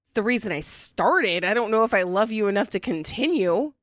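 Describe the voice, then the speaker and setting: A woman co-hosting a casual podcast, sarcastic and quick to laugh, swearing casually as she banters at a friend's house. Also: medium pitch, animated, no echo, clean studio sound. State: sensitive stomach. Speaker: podcast co-host. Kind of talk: casual chat.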